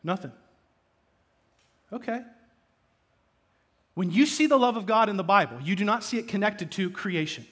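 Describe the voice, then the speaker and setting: Animated high-voiced preacher. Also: male voice, moderate pace, long pauses. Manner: dynamic, swings from loud emphatic bursts to hushed asides. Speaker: pastor. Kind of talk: sermon. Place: church.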